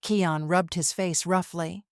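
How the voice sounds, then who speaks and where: A woman narrating a dramatic family story in an even, measured reading style. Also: lowish voice, no echo, clean studio sound. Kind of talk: scripted narration.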